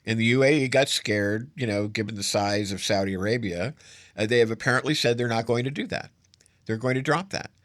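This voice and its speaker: A man's voice: lowish voice, fairly quick, a bit bright, dry recording, studio quality. A man hosting solo political commentary, sarcastic and emphatic, stacking up adjectives as he argues.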